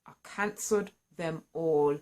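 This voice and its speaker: A woman telling her own story to camera, candid and earnest, and lively when excited. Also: sits low, unhurried. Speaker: singer sharing a personal story. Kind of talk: candid personal vlog storytelling.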